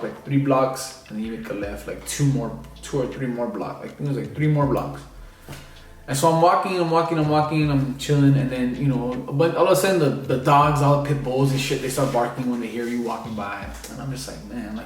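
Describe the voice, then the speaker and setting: A young man telling a personal story in a casual, rambling way, with many fillers. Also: medium pitch. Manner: rambling, filler-heavy, lots of "like" and "you know". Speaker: vlogger. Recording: echoey room, distant mic.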